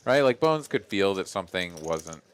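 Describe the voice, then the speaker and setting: A man commentates a live poker hand in a calm, analytical way. His voice sits on the low side. He drops dry little jokes between the strategy talk. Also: moderate pace, smooth. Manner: relaxed, analytical, dry asides.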